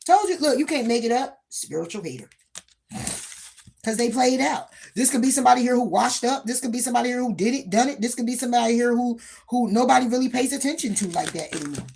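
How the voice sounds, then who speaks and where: A woman's voice: a little high, fast, vocal fry, a little mellow, slight background noise. A woman giving a casual tarot reading, sassy and emphatic, often repeating her points. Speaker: tarot reader.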